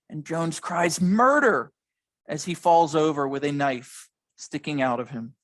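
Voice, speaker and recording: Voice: medium pitch, no room sound, rough recording. A lecturer telling a history story in a dramatic way, stressing the key moments, at an evening museum lecture.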